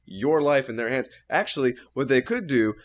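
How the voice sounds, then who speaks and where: A man co-hosting a podcast, chatting casually about a film, retelling scenes with animated, swearing delivery. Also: medium pitch, moderate pace. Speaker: podcast co-host. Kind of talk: casual film review chat.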